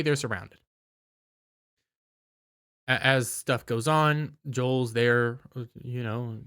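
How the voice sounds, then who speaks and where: A tired man giving a casual, rambling spoken recap of a TV episode, with halting restarts. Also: medium pitch, a bit bright, smooth. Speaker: video reviewer.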